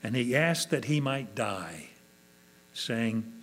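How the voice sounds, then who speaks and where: A man's voice: mid-range voice, expressive, slow, a bit bright, slight background noise. A man preaching a sermon, earnestly acting out quoted prayers with rising emotion. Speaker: pastor.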